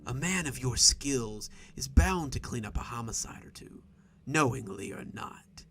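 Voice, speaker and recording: A man voicing a sly, menacing male stranger who speaks in a raspy, wheezing half-whisper with a smug, taunting manner. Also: mid-range voice, expressive, measured pace, fairly bright tone, slight background noise.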